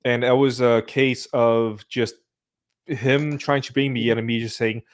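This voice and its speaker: A man's voice: mid-range voice, steady tone, unhurried. A man hosting a podcast, chatting casually and putting in emphatic asides. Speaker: podcast host. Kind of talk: casual chat.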